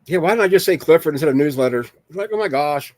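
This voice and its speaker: Give me a slightly high-voiced man rambling through a casual solo live stream, recorded dry on a desk mic. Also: expressive, quick pace, a little mellow, dry recording. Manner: rambling, jokey, reads chat aloud.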